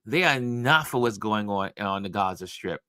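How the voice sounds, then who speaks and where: A man from New York hosting a casual talk show, telling a story in an animated way with many restarts. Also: lowish voice, moderate pace, no room sound, clean studio sound. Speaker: host.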